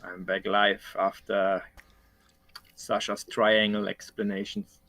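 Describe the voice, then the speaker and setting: A man chatting on a trading stream, relaxed and thinking aloud. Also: fairly low pitch, takes it slowly, vocal fry, a little hiss or hum. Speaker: co-trader on the stream. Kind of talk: casual chat.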